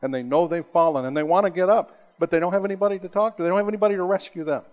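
A man preaching a sermon, rising to emphatic high peaks and then dropping to slow, hushed, low lines. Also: lo-fi sound. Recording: long hall reverb.

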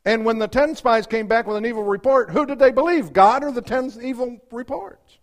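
A man preaching a sermon, reading scripture and acting out its voices, swinging from loud outbursts to hushed asides. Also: very high voice, fairly quick, hardly any pauses.

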